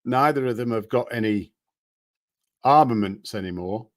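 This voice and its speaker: A man with a medium-pitched voice speaks at normal speed in clean, studio-quality audio with no room sound. As a political commentator, he gives casual, skeptical takes on current events, often reading articles aloud and posing rhetorical questions.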